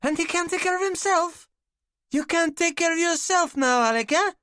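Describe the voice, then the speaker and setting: A man voicing a volatile, foul-mouthed male boss who shouts and swears. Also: very high-pitched, normal speed, dry recording, studio quality, voice pushed up. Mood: sneering. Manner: shouting, swearing, spitting insults.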